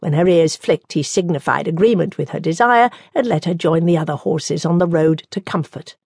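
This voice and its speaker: A woman narrating an audiobook in a measured, even storytelling manner. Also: low-pitched, slightly rough, dry recording, studio quality. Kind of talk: scripted narration.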